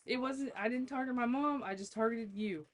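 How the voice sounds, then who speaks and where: A woman's voice: a little high, normal speed, slight background noise. A woman guest on a podcast, telling stories in a casual chat, laughing often and swearing freely.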